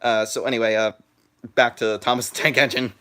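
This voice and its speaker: A teenage boy live streaming from his phone, chatting in a halting way with lots of "uh" and "like" and restarted sentences. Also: medium pitch, little pitch movement, bright, forceful tone. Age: teens. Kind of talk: rambling live stream chat.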